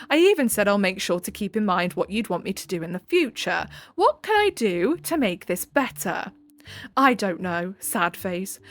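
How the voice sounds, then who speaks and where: A woman's voice: medium pitch, a bit bright. A young woman reads online relationship posts aloud and adds frank, sarcastic commentary of her own. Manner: sarcastic, frank, quick to laugh. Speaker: channel host reading online posts. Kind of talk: reading posts with chatty commentary.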